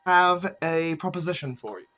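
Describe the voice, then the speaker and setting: A man narrating a tabletop role-playing game as game master, with lively asides and laughter. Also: a little high, moderate pace, faint music behind.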